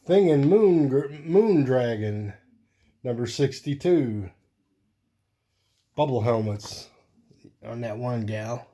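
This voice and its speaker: On his own video, a male host slowly works through a stack of comic books one at a time, chatting casually and rambling as he thinks aloud. His mellow, expressive voice sits at a medium pitch, and he pauses often in this easygoing show-and-tell.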